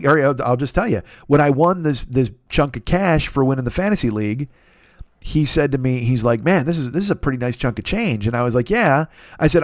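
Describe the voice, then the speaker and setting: A man's voice: medium pitch, dry recording, clean studio sound. A middle-aged man hosting a solo podcast, rambling and profane, with self-deprecating asides. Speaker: podcast host.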